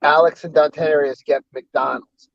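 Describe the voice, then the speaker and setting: A man's voice: on the high side, fairly even intonation, a little slow, vocal fry, no echo, highs cut off. A man chatting casually as co-host, telling a profane, laid-back story.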